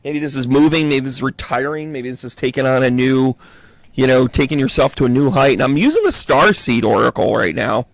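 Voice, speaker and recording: A man's voice: mid-range voice, fairly quick, gravelly, no room sound. A man with a Southern US accent doing a chatty, playful live tarot reading for viewers, joking between cards. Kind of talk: live card reading, casual chat.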